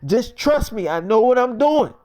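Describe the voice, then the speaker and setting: A man voicing his bossy, boastful, gun-loving friend in a zombie survival tale, loud and profane. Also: very high-pitched, expressive, moderate pace, voice pushed up.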